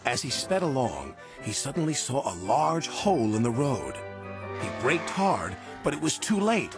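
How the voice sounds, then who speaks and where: A man reading a children's story aloud with very animated, swooping intonation. His voice sits in a middle register, and background music plays under the narration. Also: medium pitch, normal speed.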